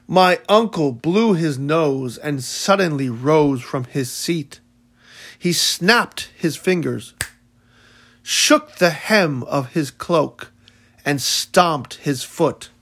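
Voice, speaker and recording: Slow, measured male storyteller. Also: a little high, animated, a bit bright, breathy edge. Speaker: narrator. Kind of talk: first-person audiobook narration.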